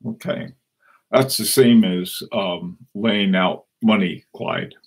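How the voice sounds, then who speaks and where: A man hosting a casual live stream, chatting and reading out viewer comments in a rambling, halting way with many restarts. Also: on the low side, vocal fry, breathy edge. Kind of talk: casual live-stream chat about watches.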